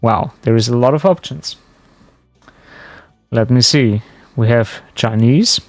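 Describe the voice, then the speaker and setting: Slow-talking man streaming a game. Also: medium pitch, no echo, faint music behind. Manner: chatty, musing aloud, talks to viewers. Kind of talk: casual live-stream commentary.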